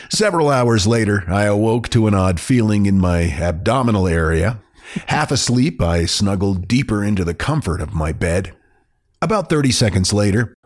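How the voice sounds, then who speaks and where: A man with a fairly low voice reads a listener's email aloud on a podcast. His delivery swings up and down with lively inflection, and he is amused throughout, often breaking into laughter. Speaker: podcast host.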